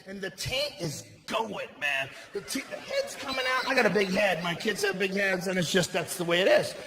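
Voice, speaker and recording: A middle-aged man performing a loud, profane stand-up comedy routine, often shouting, before a laughing audience in a venue. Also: sits high, sing-song, normal speed, crowd noise. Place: large indoor comedy venue. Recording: echoey live venue with audience noise.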